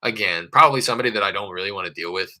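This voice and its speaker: A man's voice: low voice, rapid-fire, pushed and bright, low-quality recording. A young adult man talking casually on a vlog about following up with leads, candid and conversational, sometimes acting out his phone calls. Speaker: real estate wholesaler vlogger.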